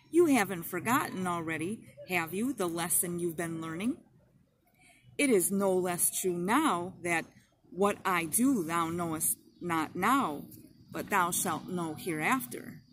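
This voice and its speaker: A woman reading an audiobook voices a strong, cheerful male shepherd who speaks with calm reassurance. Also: lowish voice, a little hiss or hum.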